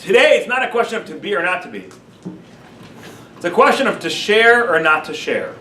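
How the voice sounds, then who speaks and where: A man, a rabbi, teaching a class in a lively way, speaking to the room and acting out his examples. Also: sits high, brisk. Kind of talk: classroom lecture. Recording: roomy sound from a distant mic, faint background noise.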